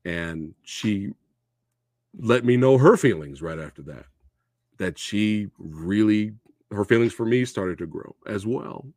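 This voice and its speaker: Man, podcast host, emotional, halting, laughs between words, lowish voice, dry sound. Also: expressive, a little mellow, no echo. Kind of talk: casual film discussion.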